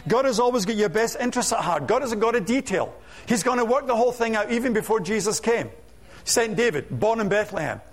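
A man preaching with energy in a high voice. He piles up rhetorical questions and slips in humorous asides. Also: expressive, quick pace. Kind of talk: sermon.

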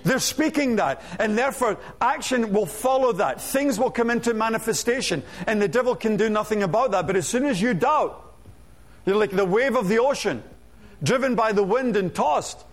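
A man preaching with energy in a high voice. He piles up rhetorical questions and slips in humorous asides. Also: expressive, moderate pace. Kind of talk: sermon.

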